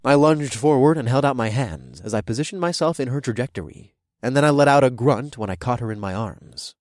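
A man narrating a first-person story with an expressive, lively read, his pitch moving a lot. The recording is dry and close, with no room echo at all. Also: a little fast. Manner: expressive, animated reading. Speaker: audiobook narrator.

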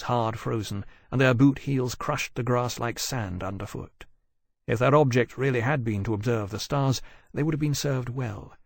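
A man's voice: medium pitch, dry recording. Man narrating an audiobook, dry sound. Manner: even, measured storytelling. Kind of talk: scripted narration.

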